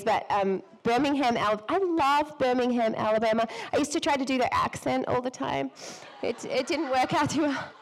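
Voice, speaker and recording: A woman hosting a live church women's event, slightly hoarse from a cold, bubbly and effusive, laughing often as she speaks to the audience on a stage mic. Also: high voice, a little hiss or hum, rough recording. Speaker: event host. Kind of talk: enthusiastic welcome speech to a live audience. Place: event hall before an audience.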